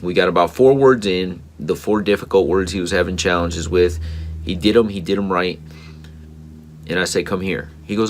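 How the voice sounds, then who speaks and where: Low-voiced earnest dad telling a story. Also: male voice, a little fast, a little hiss or hum. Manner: earnest, rambling, frequent um and uh restarts. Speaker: parenting podcast host. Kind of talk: personal storytelling monologue.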